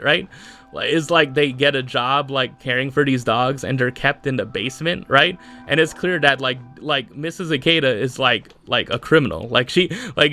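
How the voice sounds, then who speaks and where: A man's voice: mid-range voice, sharp tone. A man hosting a podcast, talking casually on his own and rambling with lots of fillers and laughs. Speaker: podcast host. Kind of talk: casual solo chat.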